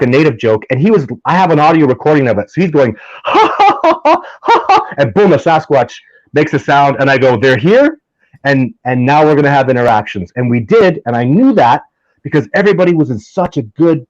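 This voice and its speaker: A man talking as an interview guest, full of excitement, jumping from story to story and restarting his sentences mid-thought. His voice sits at an ordinary pitch in a dry room. The recording has a slightly dull, muffled sound. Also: dry recording. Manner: enthusiastic, rambling, often restarts, gets heated. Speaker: guest, Sasquatch researcher.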